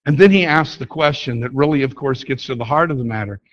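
A man's voice: mid-range voice, quick pace. A man preaching a sermon, telling a story and acting out the lines of the people in it. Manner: storytelling, acts out dialogue, animated. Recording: dull lo-fi recording.

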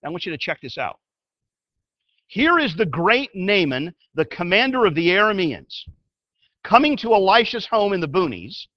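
A man preaching a sermon as a pastor. He tells the story in an animated way and swings from loud to hushed. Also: high-pitched, normal speed, dry recording, dull audio.

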